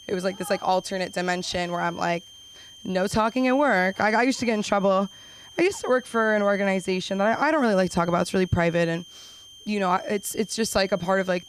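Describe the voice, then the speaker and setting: A woman's voice: mid-range voice, a little hiss or hum, rough recording. A young woman doing a stand-up set at an open mic, chatty and self-deprecating, often slipping into silly voices. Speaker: stand-up comedian. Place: comedy club stage.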